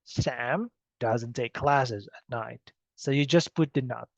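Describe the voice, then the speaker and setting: Slow, gravelly male grammar teacher. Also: medium pitch, no room sound. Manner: slow, patient, repeats "okay?" to check understanding. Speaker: English teacher. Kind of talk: recorded grammar lecture. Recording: dull, dry lo-fi recording.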